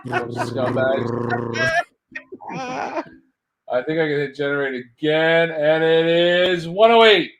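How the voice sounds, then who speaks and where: A man hosting a live stream, loud and teasing, quick to laugh and shout. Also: on the high side, animated, a little hiss or hum. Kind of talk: casual banter on a live stream.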